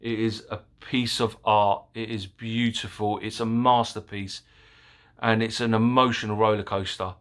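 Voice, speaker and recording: A man giving a casual, excitable movie review, rambling with fillers and the odd swear word. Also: fairly low pitch, moderate pace. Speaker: film reviewer.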